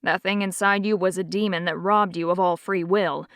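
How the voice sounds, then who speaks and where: Woman doing a calm demon hunter man, firm, lowered and soft voice, dry studio sound, audiobook. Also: normal speed, clear, resonant tone, no echo. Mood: wry. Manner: firm, calm, low-key.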